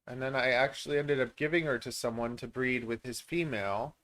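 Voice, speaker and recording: Speaking a little fast in a medium-pitched, fairly bright voice, a Canadian reptile breeder hosts a laid-back live-stream Q&A for his channel. His talk wanders, he's self-deprecating, and filler words crop up constantly.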